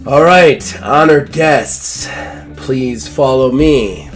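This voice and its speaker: A man voicing a stern, suspicious woman security guard who speaks flatly and curtly in a tabletop game. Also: mid-range voice, extremely slow, soft background music. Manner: flat, suspicious, curt.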